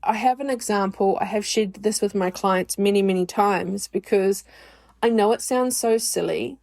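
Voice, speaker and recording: A woman hosting her own podcast, speaking in a personal, reflective monologue. She talks candidly and in a chatty way, often joking at her own expense. Her voice sits at an ordinary middle pitch. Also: moderate pace, gravelly, darkish tone. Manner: candid, chatty, self-deprecating. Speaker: podcast host.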